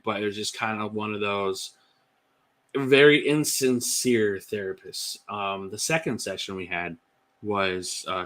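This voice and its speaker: A man's voice: on the low side, pushed and bright. A man telling his own story as a podcast guest, candid and chatty with many fillers. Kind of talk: personal testimony.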